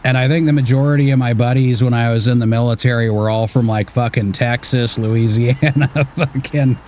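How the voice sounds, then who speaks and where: A Washington State gaming streamer in his thirties speaks at a normal speed in a steady, medium-pitched voice with a darkish tone. Casually commenting on an off-road driving game, he mutters to himself and curses now and then, with slight noise in the background.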